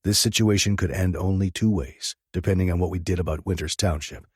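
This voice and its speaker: A man's voice: deep voice, steady tone, fairly quick, husky, no room sound, studio quality. A man narrating a first-person audiobook with an intense, dramatic reading.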